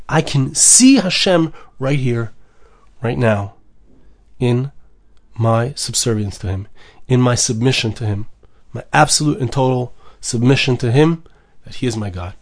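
A man giving a devotional podcast talk as a rabbi, earnest and building emphasis as he speaks. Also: mid-range voice.

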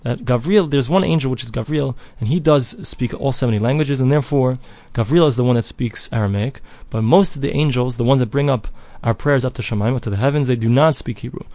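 Speaking quickly with few pauses, a man with a medium-pitched, slightly mellow voice leads a daily page Talmud lesson on a dry recording. He reads each phrase aloud, then translates and explains it in plain English.

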